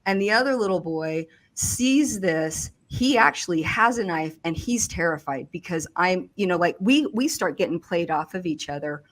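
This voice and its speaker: A woman recounting a personal experience in conversation, speaking haltingly with frequent restarts and fillers. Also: on the low side, lively intonation. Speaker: survivor giving testimony.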